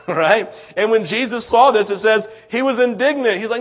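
A man's voice: high voice, moderate pace, few pauses. A male pastor preaching a conversational sermon in a church, telling stories with frequent "right?" asides. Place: church sanctuary. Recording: muffled lo-fi sound.

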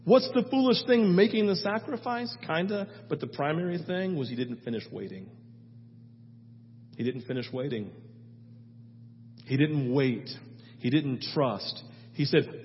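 Male pastor, high voice, animated storyteller, sermon recorded dull and muffled with long hall reverb. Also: measured pace, long pauses. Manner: animated storytelling, acts out biblical figures, swings loud and soft.

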